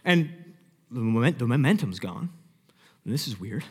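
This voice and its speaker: A young man preaching a sermon, telling the story vividly and acting out the scenes, dropping from loud to hushed. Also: medium pitch, big pitch swings, normal speed, breathy edge. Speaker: pastor. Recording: long hall reverb.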